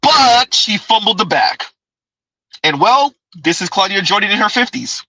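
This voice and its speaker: A man talks straight to his audience in casual commentary, emphatic and repetitive, hammering his points home. His voice is bright and forceful, recorded close and dry, with no room sound around it. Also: high voice, big pitch swings, normal speed, dry recording, soft background music, poor audio. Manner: emphatic, conversational, repeats key phrases. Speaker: commentary channel host. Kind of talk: casual commentary reacting to clips.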